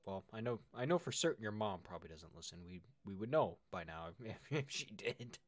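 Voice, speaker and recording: A man co-hosting a casual podcast, joking loudly and then trailing off into quiet asides. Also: lowish voice, very animated, a little fast, dry recording. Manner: loud, jokey, often trailing off into quiet asides. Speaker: podcast co-host.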